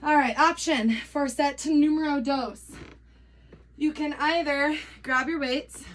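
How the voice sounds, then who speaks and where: Woman, high voice, fitness coach, counting reps, winded, upbeat and jokey. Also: fairly even intonation, a little slow, a little hiss or hum. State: out of breath. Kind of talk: workout instruction while exercising.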